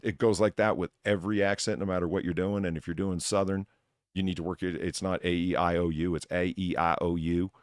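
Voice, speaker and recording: A man hosting a casual chat about accents, animated and a little crude, often trailing off mid-sentence. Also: low voice, fast talker, no echo, studio quality. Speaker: podcast host.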